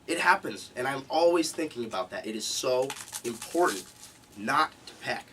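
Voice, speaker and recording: A man's voice: mid-range voice, expressive, normal speed, fairly bright tone. Guy lecturing a seminar crowd, punchy and repetitive, far from the mic with a little hiss. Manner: emphatic, repeats key points. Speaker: seminar instructor. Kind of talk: live seminar talk.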